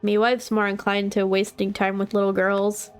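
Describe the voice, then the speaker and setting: Big grumpy game guy with a fake irish brogue, slow and gruff, a woman putting it on. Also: medium pitch, level tone, natural voice. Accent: put-on Irish-style brogue. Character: huge gruff man with a brogue.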